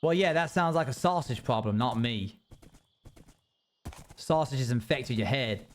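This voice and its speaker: A man's voice: medium pitch, lively intonation, measured pace, a little hiss or hum. A man streaming a game live, chatting with viewers and grumbling in playful mock annoyance.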